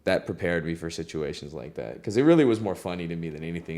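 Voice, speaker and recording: Here a young recording engineer with a very deep voice talks at a quick pace with few pauses. Telling stories in an easygoing interview, he laughs often and fills his speech with "like" and "you know."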